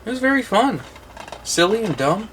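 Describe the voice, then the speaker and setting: A man with a somewhat high voice chats casually as co-host. He rambles through long retellings and laughs at his own jokes. A faint hiss of noise sits under the recording. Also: very animated, normal speed, fairly bright tone, poor audio. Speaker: co-host of a movie collection show. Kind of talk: casual chat.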